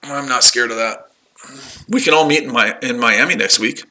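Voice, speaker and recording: Bright-voiced man in his forties. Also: mid-range voice, moderate pace. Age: 40s. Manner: combative, taunting, repetitive. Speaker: livestream host. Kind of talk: casual livestream banter.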